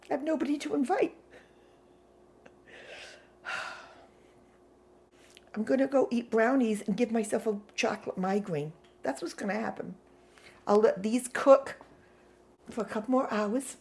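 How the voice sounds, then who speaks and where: A woman's voice: on the high side, moderate pace, pauses often. A woman, telling a story casually at home and laughing often. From New England. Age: 60s. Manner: excitable, laughs often, exasperated humor. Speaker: vlogger.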